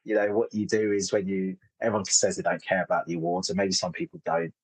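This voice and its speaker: A man's voice: sits low, steady tone, quick pace, husky, no echo, poor audio. A man in his thirties, a comedian telling stories in a casual interview, rambling and self-interrupting with frequent laughs. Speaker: comedian guest.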